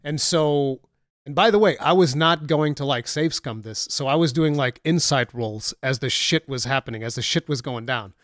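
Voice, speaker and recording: A man's voice: mid-range voice, moderate pace, a bit bright, no room sound, clean studio sound. A man in casual gaming chat on a podcast, telling stories animatedly and swearing freely. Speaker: podcast co-host or guest.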